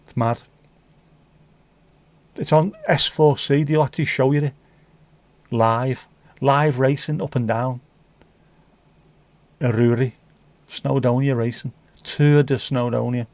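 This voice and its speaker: Swearing livestream host. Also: male voice, medium pitch, fairly even intonation, slow, long pauses, darkish tone, no echo. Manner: banter with swearing and mock accents. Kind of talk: casual livestream chat.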